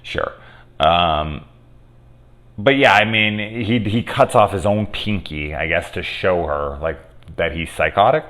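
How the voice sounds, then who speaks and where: A man's voice: low-pitched, slow pace, a bit bright. A man casually reviewing a movie with spoilers, rambling and swearing, with lots of ums and restarts. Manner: rambling, profane, many fillers.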